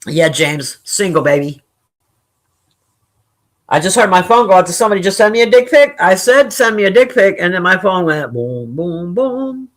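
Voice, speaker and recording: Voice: mid-range voice, very animated, moderate pace, a bit bright. A live streamer chatting casually with viewers and reading their messages, blunt, profane and laughing often. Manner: blunt and opinionated.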